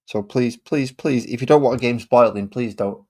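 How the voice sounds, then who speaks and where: A man's voice: medium pitch, moderate pace, a little mellow. A young man with a Manchester accent chatting casually while painting miniatures, rambling, repeating phrases and singing little tunes to himself. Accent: Manchester English. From England.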